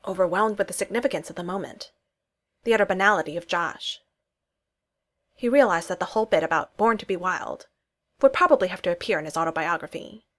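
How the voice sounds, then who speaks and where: A woman reading a story aloud, with soft-spoken narration. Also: on the low side. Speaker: reader.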